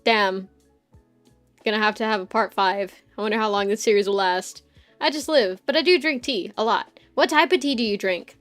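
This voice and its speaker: A woman's voice: medium pitch, normal speed, a bit bright, faint music behind. A woman hosting a casual live stream, talking chattily, giggling often and swearing freely as she jumps from topic to topic. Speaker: streamer host.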